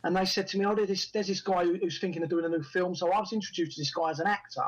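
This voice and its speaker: A man's voice: high voice, very fast, muffled recording. A man, telling stories from his acting career in an interview and acting out the lines people said to him. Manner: animated anecdotes, acts out quoted dialogue. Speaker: actor and writer guest. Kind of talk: storytelling in a podcast interview.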